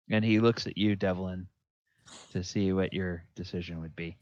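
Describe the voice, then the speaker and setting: A man narrating as game master of a tabletop game, unhurried, with fillers and pointing at the map. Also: low voice, steady tone, a little mellow, no room sound, highs cut off.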